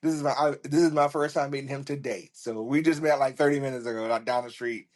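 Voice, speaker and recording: A man's voice: medium pitch, fast talker. Profane, laughing male podcast storyteller. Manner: animated and profane, laughing at his own story. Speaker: podcast host. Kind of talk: casual storytelling.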